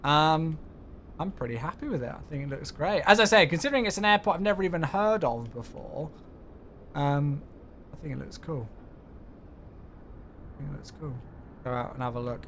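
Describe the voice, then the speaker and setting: Animated man streaming a flight sim. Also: on the high side, fast talker, slight background noise. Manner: chatty, greets viewers cheerfully by name.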